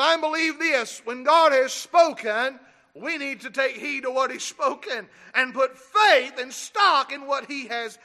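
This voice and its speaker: A man preaching a Sunday morning sermon, often shouting and asking the congregation questions. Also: very high-pitched. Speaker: pastor. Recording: long hall reverb.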